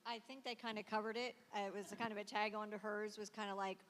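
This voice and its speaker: A woman's voice: medium pitch, steady tone, quick pace, fairly bright tone, a little hiss or hum. A woman parent in the audience, asking a hesitant, rambling question. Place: performing arts hall. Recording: distant in a reverberant hall, faint ambience.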